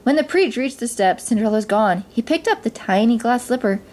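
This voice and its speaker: Mom reading a storybook aloud. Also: female voice, fairly high pitch, brisk. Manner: gentle, steady reading with small slips. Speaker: parent reading to children.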